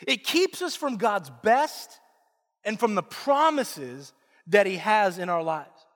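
High-pitched guy preaching a sermon, earnest and emphatic, big echoey church sound. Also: animated, slow pace, a bit bright. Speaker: pastor.

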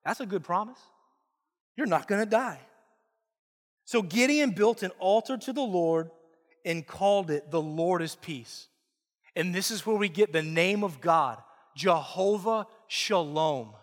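Brief: male pastor, high voice, earnest emphatic sermon delivery, long hall reverb. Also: measured pace.

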